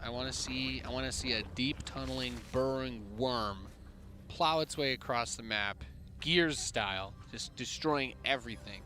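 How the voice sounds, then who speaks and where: A man's voice: mid-range voice, normal speed, bright, forceful tone, slight background noise. A man casting a live esports match, playful and jokey as he talks through the play. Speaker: esports caster. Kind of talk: play-by-play commentary.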